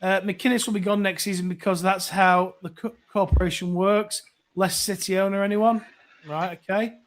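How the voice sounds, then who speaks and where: A man's voice: high-pitched, steady tone, moderate pace. A man hosting a casual live phone-in, reading out viewer comments in a chatty, rambling way with plenty of fillers.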